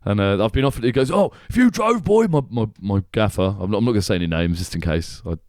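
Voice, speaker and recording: A man's voice: fairly low pitch, fairly even intonation, fast, a little mellow, clean tone, no room sound, studio quality. A man hosting a podcast, chatting casually in a rambling way, swearing and laughing often. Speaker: podcast host. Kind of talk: casual comedic chat.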